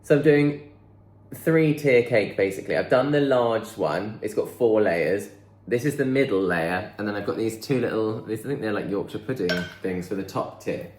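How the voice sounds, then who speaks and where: A vlogger bakes in his home kitchen, chatting casually and rambling as he thinks aloud. He speaks at normal speed in a fairly low, slightly mellow voice, in an echoey room with slight background noise.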